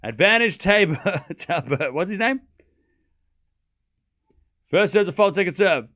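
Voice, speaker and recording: Chatty excitable man streaming tennis. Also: high voice, unhurried. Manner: chatty and excitable, laughs often, repeats phrases, calls out live scores. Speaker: livestream tennis watchalong host. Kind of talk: casual live-stream commentary chatting with viewers.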